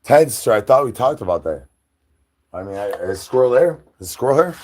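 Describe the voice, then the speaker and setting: A man's voice: medium pitch, big pitch swings, moderate pace, a little mellow, slight background noise. A man hosting a livestream, rambling in goofy nonsense wordplay and chants. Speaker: livestream host.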